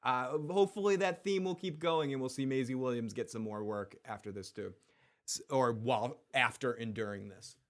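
A man co-hosting a casual podcast recap, excitable and swearing freely, often stumbling and restarting his sentences. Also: medium pitch, normal speed. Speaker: podcast co-host.

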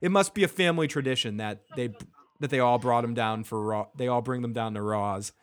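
A man's voice: medium pitch, a little fast, clean tone. A man hosting a podcast who recaps a TV episode in casual chat, acting out scenes and swearing freely. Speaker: podcast host.

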